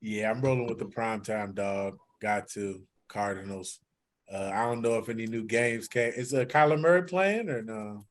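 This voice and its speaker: A man's voice: fairly low pitch, moderate pace. A man co-hosting a casual sports betting chat, laid-back and brief when he makes his picks. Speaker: podcast co-host.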